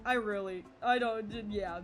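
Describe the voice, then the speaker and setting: A woman's voice: on the high side, expressive, moderate pace, sharp tone, soft background music. A young woman streamer chatting casually to her viewers, giggly and rambling. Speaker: game streamer. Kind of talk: casual live-stream chat.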